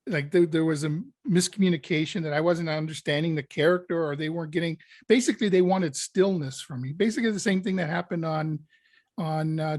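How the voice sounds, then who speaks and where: A male actor in an interview, telling a lively anecdote and acting out his own panic. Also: a little high, dry recording. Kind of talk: casual storytelling interview.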